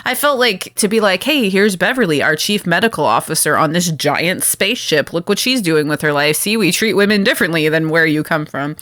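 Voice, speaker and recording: A woman's voice: lowish voice, expressive, fairly quick, few pauses, a bit bright, dry recording, studio quality. A woman co-hosting a podcast in casual chat, talkative and laughing often. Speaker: podcast co-host.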